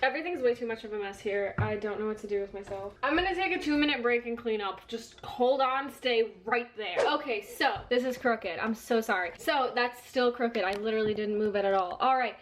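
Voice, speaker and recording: A woman's voice: a little high, fairly quick, hardly any pauses, a little hiss or hum. A young woman vlogging casually in her kitchen, rambling and self-deprecating, filling her talk with "like". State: out of breath while scooping. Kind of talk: casual chatty kitchen vlog. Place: home kitchen.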